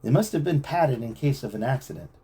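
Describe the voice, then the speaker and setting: A daring teenage boy detective from a storybook, called out loud and eager by a man reading aloud. The voice sits well above the reader's own, still dark and a bit husky. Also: medium pitch, expressive, fairly quick. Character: bold adventurous teen boy Joe.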